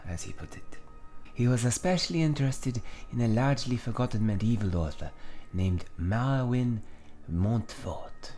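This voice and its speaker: A refined older bookseller woman speaks in a put-on French accent, polite and measured, as a man reading game dialogue puts her on. Her voice sits fairly low and is kept soft and hushed, as if sharing a confidence.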